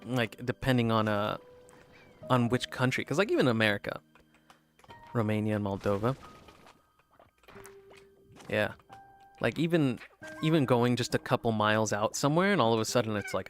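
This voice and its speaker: A man's voice: mid-range voice, moderate pace, pauses often, faint music behind. A man rambling in casual chat as he plays a video game, often restarting sentences and laughing. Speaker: gaming streamer.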